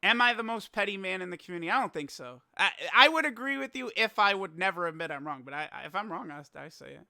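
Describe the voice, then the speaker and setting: High, bright, exasperated young man. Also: lively intonation, fast talker, gravelly, hardly any pauses, no room sound, studio quality. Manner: exasperated, laughing, rambling with stammered restarts. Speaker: gaming YouTuber. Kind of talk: casual reaction commentary.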